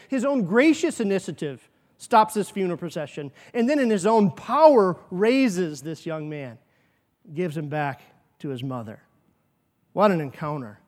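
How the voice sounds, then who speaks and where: A man with a high voice preaches a sermon to his congregation. He speaks earnestly, poses rhetorical questions and acts out quoted asides. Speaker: pastor.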